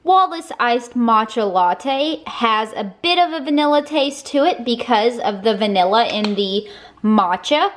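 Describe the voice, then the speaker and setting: A woman's voice: a little high, animated, a little slow. A young woman with a regional accent giving a chatty, upbeat recipe demonstration, with self-deprecating asides. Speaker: cooking vlogger.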